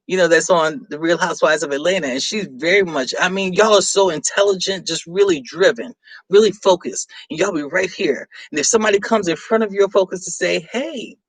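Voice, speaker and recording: A woman's voice: fairly low pitch, a little fast, gravelly, breathy edge, dry recording. A chatty, teasing middle-aged woman hosting a live stream and reading viewer comments aloud. Her close, dry voice sits right against the mic with no room sound, and she laughs often between remarks.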